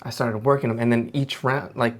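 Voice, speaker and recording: Man, pro boxer, casual slangy chat, animated storytelling, mid-pitched voice. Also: a little fast. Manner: animated, slangy, acts out voices in his stories. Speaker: professional boxer reacting to anime.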